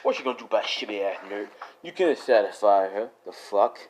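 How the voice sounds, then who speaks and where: A man's voice: fairly low pitch, expressive, brisk, a little hiss or hum, close to an everyday voice. A man voicing a cocky, crude teenage boy who taunts and swears. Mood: sneering.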